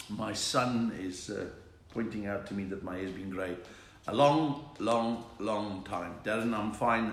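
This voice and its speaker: South African comedian in an echoey room. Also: male voice, lowish voice, a little hiss or hum. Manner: chatty, joke-telling, reads out viewer comments. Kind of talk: live-streamed stand-up chat. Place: home room during lockdown.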